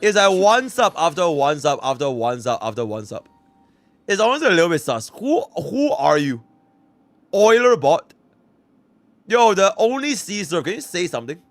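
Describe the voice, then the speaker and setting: A young man from Singapore streaming live, chatting casually with his viewers and swinging between low mumbles and excited shouts. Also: moderate pace. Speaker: livestreamer.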